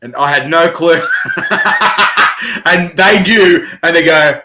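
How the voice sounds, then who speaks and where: A man's voice: fairly high pitch, slow, heavy background noise. A man hosting a casual chat, telling stories animatedly with swearing and frequent laughter. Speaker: interviewer host.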